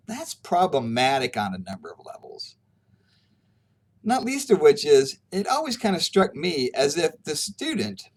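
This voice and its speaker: Brief: male ethics lecturer, lively storyteller, slightly higher voice. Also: gravelly, husky. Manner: conversational storytelling, acting out quoted exchanges. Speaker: ethics professor. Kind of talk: recorded lecture for students.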